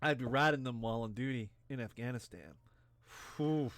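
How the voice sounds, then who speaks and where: A man's voice: medium pitch, normal speed, a bit bright, dry recording. A tipsy man gives a rambling, profane and jokey let's play commentary. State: tipsy from drinking.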